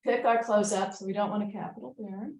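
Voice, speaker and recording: A woman's voice: mid-range voice, fairly even intonation, fast talker, a little mellow, echoey room, poor audio. A woman teaching a writing class, patiently reading sentences aloud again and again to check the commas. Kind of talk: editing a student essay aloud in class.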